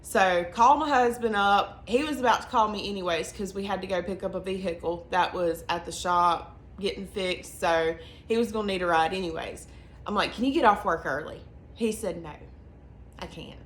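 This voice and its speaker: Young Southern woman, casual vlogger, earnest storyteller; roomy echo, faint background noise. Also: medium pitch. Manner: chatty, earnest, quick bursts between slow emphatic phrases. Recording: echoey room with faint ambient noise.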